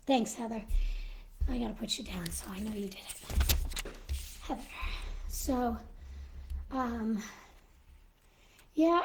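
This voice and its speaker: A woman hosting a casual live stream, short of breath and slowed by illness, talking haltingly with many pauses and fillers into a phone. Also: high voice, darkish tone, rough recording. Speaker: live stream host in a Mrs. Claus persona.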